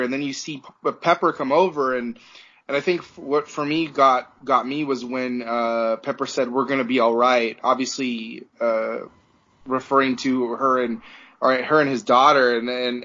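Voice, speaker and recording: A man's voice: medium pitch, fairly bright tone, highs cut off. A podcast producer, a man, chatting casually and talking earnestly and emotionally.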